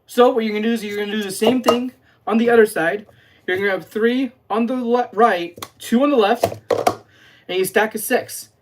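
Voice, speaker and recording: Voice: medium pitch, normal speed, noisy background. A casual livestreamer teaching cup stacking step by step while chatting with viewers. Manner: chatty, addresses live chat, explains step by step. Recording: clear clatter of plastic cups.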